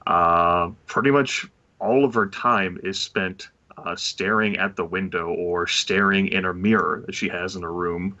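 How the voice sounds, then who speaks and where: A man describing his character's actions as a player in a tabletop role-play, halting and full of fillers. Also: deep voice, steady tone, sharp tone, muffled recording.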